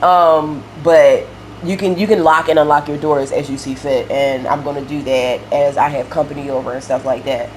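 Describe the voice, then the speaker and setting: A young woman with a notably low voice chats freely while she plays, rambling from one thought to the next with plenty of fillers. A faint hiss of noise sits under her voice. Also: fairly even intonation, normal speed. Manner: rambling storyteller, many fillers and laughs. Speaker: game streamer building a house. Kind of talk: casual chat while playing.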